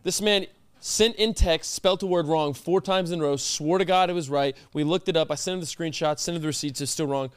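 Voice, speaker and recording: A man's voice: on the high side, fairly quick, hardly any pauses, smooth, no echo. A young man co-hosting a podcast in casual chat, teasing and quizzing his friend. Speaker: podcast co-host.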